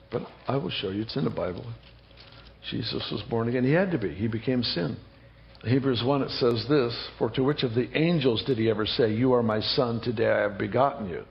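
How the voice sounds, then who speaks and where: A man preaching, quoting scripture rapidly and emphatically. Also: mid-range voice, creaky, dull audio, slight background noise. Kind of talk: sermon.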